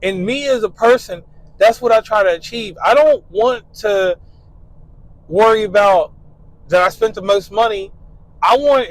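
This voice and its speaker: A man's voice: high-pitched, low-quality recording. A man talking casually in a laid-back, slangy way, full of "you know" fillers, as he describes his ideal date. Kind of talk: casual spoken monologue.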